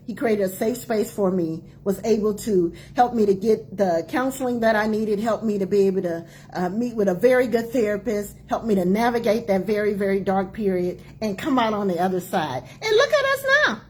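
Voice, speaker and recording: A woman in her forties, a physician, speaks live to an online audience at her own book launch. She drives her points home by repeating them and breaks off to greet people as they join. Her voice sits at a middle pitch, with a faint hiss of noise behind it. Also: darkish tone. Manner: emphatic, repeats key phrases, calls out greetings to viewers. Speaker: doctor and author hosting her book launch. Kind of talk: live-streamed talk to viewers.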